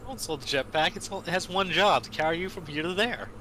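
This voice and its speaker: A fairly high, bright-toned man chats loosely with friends during a game. He rambles along easily, filling gaps with uhs. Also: brisk, slight background noise, rough recording. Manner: easygoing, rambling with fillers. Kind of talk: casual gaming chat.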